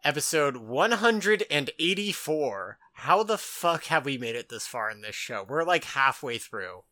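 A man's voice: mid-range voice, very animated, measured pace, sharp tone, dry recording. A man co-hosting a podcast in casual chat, laughing and swearing often, with many restarts. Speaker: podcast co-host.

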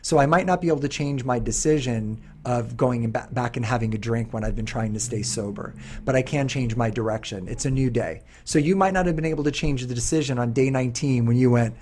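A middle-aged man in casual podcast chat, earnest and a little rambling. He restarts his sentences often, and his voice carries a husky, breathy texture. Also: mid-range voice, a little fast, hardly any pauses, a little mellow. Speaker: podcast host.

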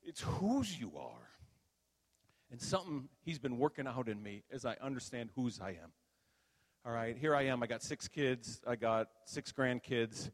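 Speaking at normal speed with a big-room sound, an older male minister shares a conversational sermon testimony whose stories grow animated at the peaks.

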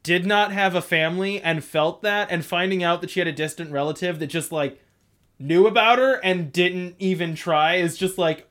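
Casual podcast host, rambling, filler-heavy, laughs often, mid-range pitch. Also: moderate pace, a bit bright.

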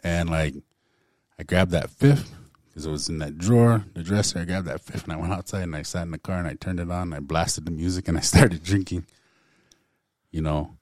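A man's voice: deep voice, a little fast, darkish tone, no room sound, studio quality. A man casually telling a personal story to a group, laid back and full of "man" and "like". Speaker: guest storyteller.

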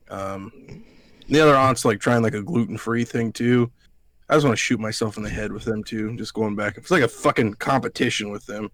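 A man's voice: lowish voice, normal speed, fairly bright tone, no echo. A man hosting a podcast, telling a rambling story in casual chat, swearing freely. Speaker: podcast host.

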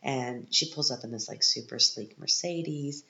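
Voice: medium pitch, measured pace, vocal fry, sharp tone, reverberant, dull audio. A podcast host recapping a film from their living room in a rambling, sarcastic way, full of asides.

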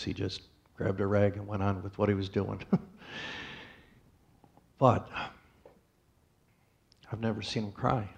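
Low gravelly man giving a testimony. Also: darkish tone, muffled recording. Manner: plainspoken storytelling with pauses and restarts. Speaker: church testimony speaker. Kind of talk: personal testimony to a congregation.

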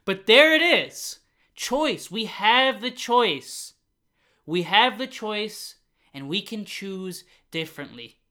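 A man with a high, bright voice hosts a motivational podcast. He talks earnestly and builds himself up with repeated phrases. At times he turns loud and fired up. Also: lively intonation, slow pace. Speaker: podcast host.

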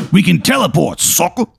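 A man voicing a gruff tough-guy male Santa who tacks insults onto his lines. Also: high voice, pitched above the performer's own voice, heavily acted.

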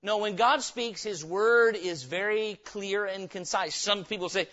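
A pastor preaches with a high, ringing voice in a church. He is emphatic and keeps turning his points into questions for the congregation. The recording sounds dull and lo-fi. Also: measured pace, sharp tone. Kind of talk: revival sermon. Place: church sanctuary.

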